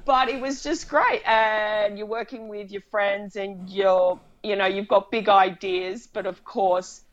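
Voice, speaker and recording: A woman's voice: mid-range voice, fairly even intonation, measured pace, lo-fi sound. A woman film director, chatting animatedly in an interview and telling stories with laughs. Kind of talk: casual interview conversation.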